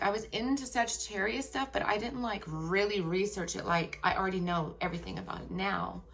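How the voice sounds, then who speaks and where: A woman's voice: medium pitch, fairly bright tone. A woman in her thirties or forties telling a personal story to camera in a candid, rambling way, repeating herself and swearing casually. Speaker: tarot vlogger.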